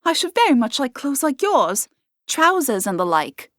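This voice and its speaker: Woman doing an eager rough-spoken young girl. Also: high-pitched, very animated, normal speed, fairly bright tone, no room sound, studio quality, pitched above the performer's own voice.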